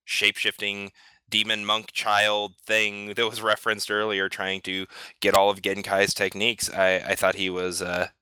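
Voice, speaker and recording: A man's voice: lowish voice, monotone, moderate pace, pushed and bright, smooth, no echo. A man talking casually on a podcast panel, enthusiastic and stammering on restarts. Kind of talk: casual discussion.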